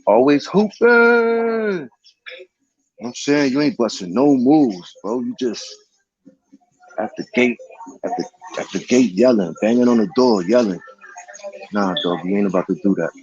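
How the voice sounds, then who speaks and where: A man's voice: moderate pace, mellow, highs cut off. A man talking in a casual vlog monologue, rambling in slangy street talk with many restarts. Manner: sing-song high calls of a greeting catchphrase. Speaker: vlogger.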